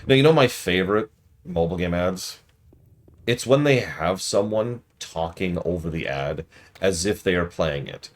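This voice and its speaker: Deep-voiced male streamer, wry and ranting. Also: lively intonation, normal speed. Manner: wry, ranting, mocks the ads he criticizes. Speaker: game streamer. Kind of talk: casual commentary while playing.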